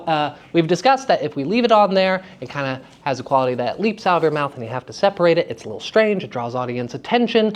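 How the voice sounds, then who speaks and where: A man teaching a class of young actors, lively and enthusiastic, often checking in with questions to his students. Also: high-pitched. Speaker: theater teacher giving a lecture. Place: school hall with student audience.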